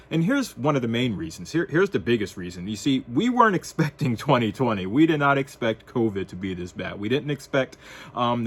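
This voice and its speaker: A man talks straight to his viewers in a casual vlog. His commentary is sarcastic and wry, swinging between joking asides and more serious points. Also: medium pitch. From United States. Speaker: vlogger.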